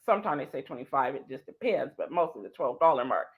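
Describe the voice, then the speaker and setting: A woman's voice: extremely low pitch, fast talker, few pauses, narrow, tinny audio. A woman, a guest on an interview show, telling a personal story with feeling and acting out the voices of the people in it. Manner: animated, acts out dialogue. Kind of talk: emotional storytelling.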